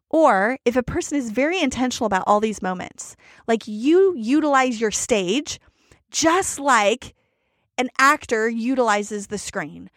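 A woman giving public speaking tips in an animated way, shifting her pace and pausing for effect. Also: on the high side, no echo, clean studio sound.

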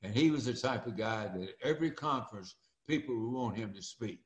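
An older man, telling stories in a folksy, animated way as an interview guest. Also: mid-range voice, a little fast, echoey room. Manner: folksy and animated, acts out quoted voices. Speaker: interview guest, former speaker and coach. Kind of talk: storytelling interview.

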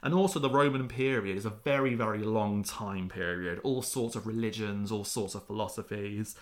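A man's voice: fairly low pitch, moderate pace. A man, a historian chatting casually on a podcast and acting out the quotes in his stories. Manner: animated storyteller, acts out quotes. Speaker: historian guest.

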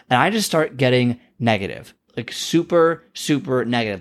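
A man's voice: mid-range voice, lively intonation, moderate pace, hardly any pauses. Chatty rambling male podcast host. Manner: rambling and chatty, heavy with "like" and "you know"; self-deprecating storytelling. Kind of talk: casual solo podcast monologue.

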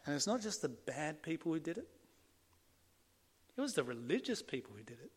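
A man preaching a sermon and reading from scripture, earnest, rising to emphatic points and dropping to hushed ones. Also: fairly high pitch, sing-song, fairly quick, breathy edge.

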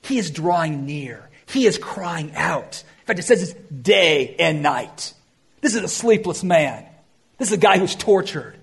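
A man preaching a sermon, addressing the church with emphatic rises and quiet, drawn-out phrases. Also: a little high, expressive, creaky, husky. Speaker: pastor.

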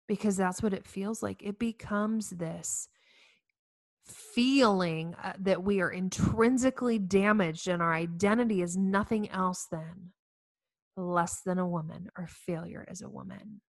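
A woman delivers a heartfelt inspirational talk. She tells stories in an earnest, animated way with a streak of self-mocking humor. Her voice is mid-pitched and recorded close, with a dry sound. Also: measured pace, vocal fry, no echo. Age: 40s. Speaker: speaker addressing women facing infertility.

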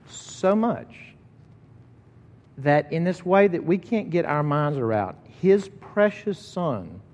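A middle-aged man preaching a sermon, conversational and animated as he tells a story. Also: fairly high pitch. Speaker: pastor. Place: church sanctuary. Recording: long reverb of a large hall.

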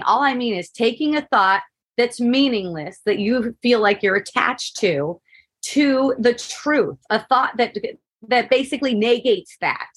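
A woman's voice: medium pitch, fairly bright tone. A middle-aged woman telling a personal story in a casual spoken monologue, laughing often and asking "right?" to keep the listener with her.

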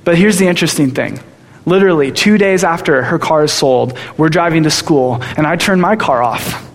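A young man preaching a sermon, telling stories in an animated way. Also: on the high side, moderate pace, a little hiss or hum. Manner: storytelling, animated. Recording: long hall reverb.

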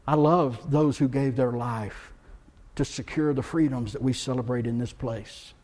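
A pastor from the United States preaching a sermon in a church, moving between quiet, earnest stretches and loud, impassioned ones. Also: male voice, mid-range voice, measured pace. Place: church sanctuary.

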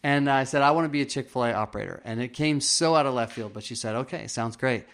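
A man's voice: mid-range voice, fast, a bit bright. A man being interviewed, earnestly telling a personal story, acting out the dialogue and often restarting his sentences. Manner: earnest, acts out quoted dialogue; frequent restarts and fillers. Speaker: interview guest.

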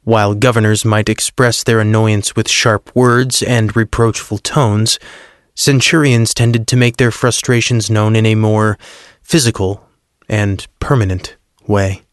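A man reading a story aloud in a measured, earnest narration. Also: fairly low pitch, fairly even intonation, smooth, no room sound, clean studio sound. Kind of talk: scripted narration.

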